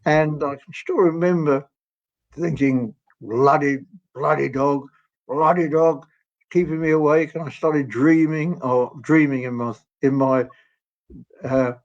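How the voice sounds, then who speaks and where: Man in his 80s, guest storyteller, higher pitch, meandering and genial, dull lo-fi sound. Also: fairly even intonation, a little slow. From England. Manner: gentle, rambling, laughs often. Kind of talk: storytelling interview. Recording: dull lo-fi audio.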